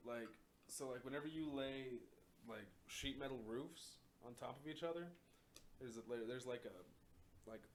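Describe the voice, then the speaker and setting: A man's voice: mid-range voice, measured pace, a little hiss or hum. Brief: male podcast host, mid-range voice, rambling profane storyteller who laughs a lot. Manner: laughs often. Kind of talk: casual podcast chat.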